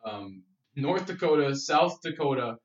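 A Canadian man co-hosting a podcast, telling stories in a lively, rambling casual chat full of fillers. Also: medium pitch, unhurried. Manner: animated, filler-heavy storytelling. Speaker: podcast co-host. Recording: roomy, distant, dull-sounding mic.

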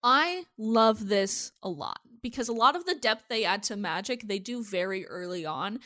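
A woman's voice: mid-range voice, moderate pace, no room sound. A woman hosting a podcast in casual chat, recapping a show animatedly and cursing freely. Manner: animated, swears freely, acts out characters' lines. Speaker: podcast host recapping episodes.

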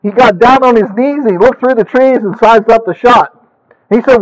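A man preaching a sermon, telling stories and rising into animated emphasis on his key points. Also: high-pitched, normal speed, rough recording.

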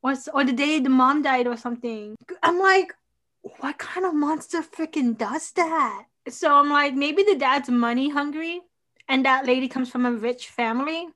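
A woman's voice: sits high, normal speed, bright, forceful tone. A young woman co-host chatting casually, telling the story with lots of fillers. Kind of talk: casual chat recapping a TV drama.

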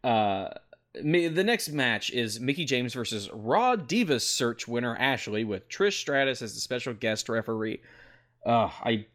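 A man with a bright, forward tone talks through events in a loose podcast chat. He keeps going with plenty of "uh" and "like" and swears freely. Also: mid-range voice, expressive, unhurried. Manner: recaps at length with many fillers, swears freely. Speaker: podcast host recapping wrestling. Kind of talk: casual chat.

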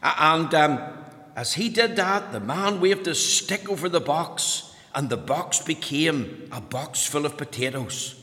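A man telling a story to children, lively and asking them questions as he goes. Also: a little high, a little slow. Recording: long hall reverb.

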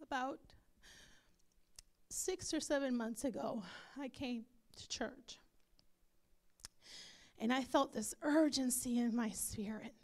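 A woman's voice: on the high side, slow pace, pauses often, darkish tone. A woman pastor preaching a sermon and leading prayer with fervent feeling, dropping now and then into whispered pleas. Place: church.

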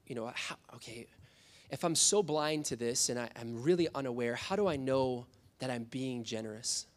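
A young adult man preaching a sermon as a youth pastor, telling stories with acted-out quotes. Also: a little high. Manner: storytelling, animated with acted quotes.

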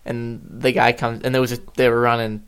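A man in his twenties chats casually with friends on a podcast. He tells his story with animated energy and acts out what everyone said. His voice sits at a medium pitch and often jumps up when he laughs. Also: fairly quick, clean tone. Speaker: podcast co-host.

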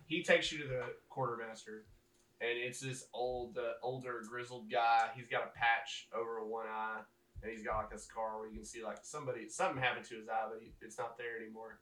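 A man's voice: mid-range voice, steady tone, a little fast, sharp tone. A man narrating a tabletop game as game master, casual and rambling. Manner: casual, rambling, lots of fillers. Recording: roomy echo, mic at a distance.

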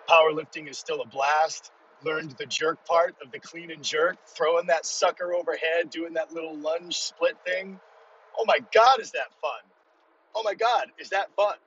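A middle-aged man hosting a casual solo podcast from inside his car, rambling and self-deprecating, excitable in his talk. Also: medium pitch, distant mic, lo-fi sound, a little hiss or hum. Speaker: podcast host.

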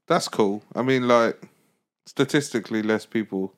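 A man's voice: mid-range voice, normal speed. A young man co-hosting a casual comedy podcast, joking and teasing his friends. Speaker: podcast co-host. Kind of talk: casual banter.

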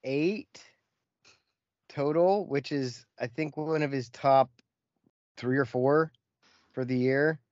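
A man's voice: mid-range voice, slow, long pauses, darkish tone, no echo, dull audio. A man chatting casually on a video call, rambling and swearing freely as he tells stories about his work as a teacher. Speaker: co-host, teacher. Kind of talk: casual chat.

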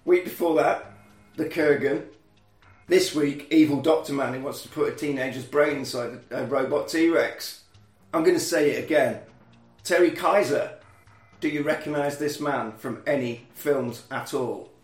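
A man, hosting a casual podcast and recapping a film with lively put-on voices for the characters. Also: medium pitch, moderate pace, reverberant, faint music behind. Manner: animated, acts out film lines in put-on voices. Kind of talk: casual chat.

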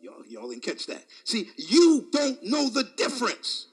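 A man preaching with a high, bright voice that leaps up and down across a wide range. His delivery is dramatic, moving from near-shouts to hushed asides, with frequent chuckles between phrases. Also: wildly swooping pitch, measured pace, husky. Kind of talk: sermon.

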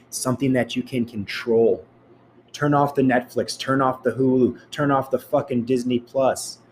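A man's voice: mid-range voice, darkish tone, slight background noise. A man giving a blunt, profane motivational rant, speaking straight to his listeners.

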